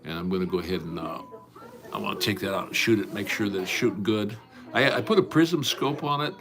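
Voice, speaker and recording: A man with a very low, deep voice hosts a casual livestream from his home. He greets viewers by name and drifts from story to story in a folksy way. His speech is loose and rambling, with plenty of "uh" and false starts. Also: a little fast, over music. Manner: folksy, rambling, with many fillers and restarts. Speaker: livestream host.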